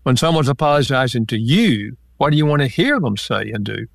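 A man speaks as an interview guest, explaining each point patiently with examples. His voice sits at an ordinary pitch. The recording is close and dry, with no room sound. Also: a little fast, creaky, no room sound. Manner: calm, explanatory, gives examples. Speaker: author and marriage counselor guest. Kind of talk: interview conversation.

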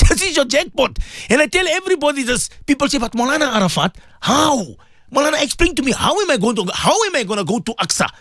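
A man's voice: very high-pitched, sing-song, fast, fairly bright tone, dry recording, clean studio sound. Fervent pleading male radio presenter. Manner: fervent, pleading, repeats himself. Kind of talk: emotional religious radio talk.

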